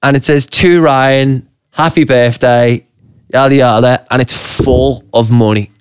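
Man spinning a lively pub yarn. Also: mid-range voice, a little slow, clean tone, no room sound, studio quality. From Liverpool, England. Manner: animated storyteller, swears freely, acts out voices. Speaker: podcast co-host. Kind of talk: casual chat, storytelling. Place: podcast studio.

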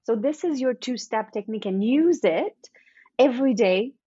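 A woman with a French accent, a confidence coach explaining a technique in an animated, playful way as an interview guest. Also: fairly high pitch, moderate pace, breathy edge, no echo, lo-fi sound. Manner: animated, playful, acts out quotes.

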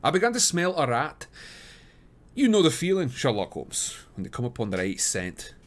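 A man's voice: medium pitch, huge pitch swings, moderate pace. A man reading aloud, voicing a self-satisfied police inspector recounting his work. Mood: boastful. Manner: boastful storytelling.

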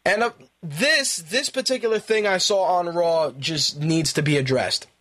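A man's voice: high voice, unhurried, fairly bright tone. A man hosting a talk radio show, ranting in profane, exasperated bursts and repeating himself when worked up. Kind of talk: ranting wrestling commentary.

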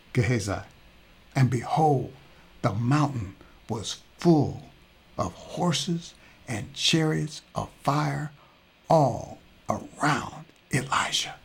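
Gravelly male preacher telling a story. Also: medium pitch, slow. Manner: animated, conversational retelling. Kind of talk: sermon storytelling.

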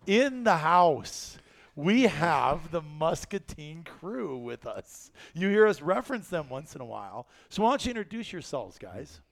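A man from Iowa hosts a podcast in loose, casual chat, his voice sitting a touch high. He jokes, trails off and restarts his sentences. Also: sing-song, a little slow, gravelly. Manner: rambling, joking, with many fillers and restarts. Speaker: podcast host.

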